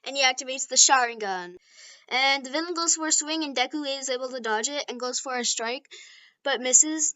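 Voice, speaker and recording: Give me a bright-toned woman rambling through a casual fan story, dull lo-fi recording. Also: high voice, a little fast. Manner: rambling, giggly, filler-heavy.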